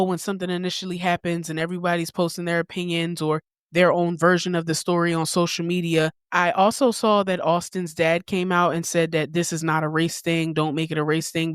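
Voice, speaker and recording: A woman's voice: lowish voice, clean tone, no room sound. Woman podcaster, blunt and candid, cussing here and there, dry close mic. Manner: blunt, candid, swears casually. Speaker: podcast host. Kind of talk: opinionated commentary.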